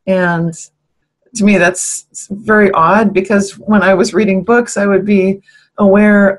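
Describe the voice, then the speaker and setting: Woman, interview guest, earnest explainer, mid-pitched voice, casual chat. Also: normal speed, poor audio. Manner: explains ideas in an earnest, thoughtful way.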